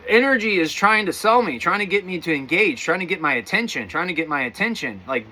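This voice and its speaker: A man's voice: sits high, sing-song, fast talker, few pauses, sharp tone, a little hiss or hum. A man giving a casual spiritual talk to viewers, rambling and calling them guys. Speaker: spiritual teacher.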